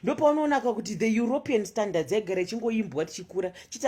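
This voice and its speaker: Woman, husky voice, lively swooping pitch, fervent monologue, rhetorical questions. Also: fast talker, hardly any pauses. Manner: passionate, rhetorical questions, switches between English and Shona. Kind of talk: impassioned social commentary monologue.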